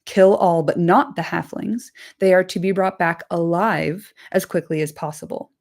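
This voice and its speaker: Woman reading as a commanding male orc captain, deep growl, boastful, low and dark tone. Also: steady tone, moderate pace, lightly acted. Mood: gruff. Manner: boastful, barking orders.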